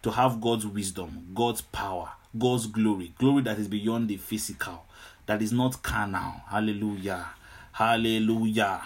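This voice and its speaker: Speaking unhurriedly in a voice on the low side, a man delivers a teaching sermon. His preaching is repetitive and exclamatory, peppered with frequent hallelujahs and amens.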